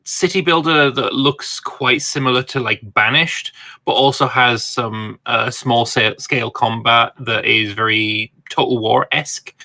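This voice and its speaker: A man co-hosting a casual gaming podcast, talking excitedly and swearing casually. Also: medium pitch, unhurried. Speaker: podcast co-host.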